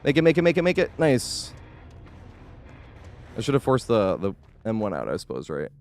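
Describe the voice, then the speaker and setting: A man talks through his live gameplay stream, with a voice that leaps up and down in pitch. He is chatty and excitable, yelling at the game and then apologizing for it. He thanks viewers between plays. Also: moderate pace, a little hiss or hum.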